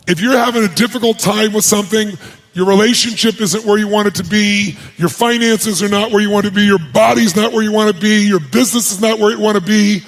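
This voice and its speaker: Gravelly, husky man preaching motivation. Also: sits high, a bit bright. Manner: emphatic and preachy, firing questions at the crowd. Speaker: motivational speaker. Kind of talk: motivational seminar talk. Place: large venue before a live audience.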